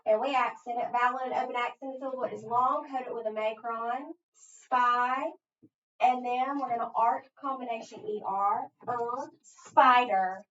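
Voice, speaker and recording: A woman's voice: fairly high pitch, steady tone, moderate pace, a bit bright. A woman teacher leading a phonics lesson, spelling words out letter by letter and coaching a learner. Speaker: reading teacher. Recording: roomy, distant, dull lo-fi.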